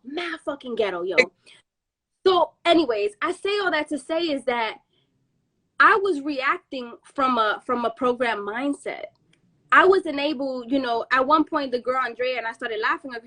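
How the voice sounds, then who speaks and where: Animated high-voiced woman telling a story. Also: moderate pace. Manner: animated, acts out quotes with slang and swearing. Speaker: podcast host. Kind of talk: casual storytelling chat.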